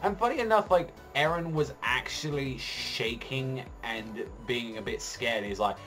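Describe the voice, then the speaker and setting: A man's voice: medium pitch, lively intonation, normal speed, few pauses, a bit bright, soft background music. A man giving a casual spoken manga review, rambling with heavy swearing and lots of fillers.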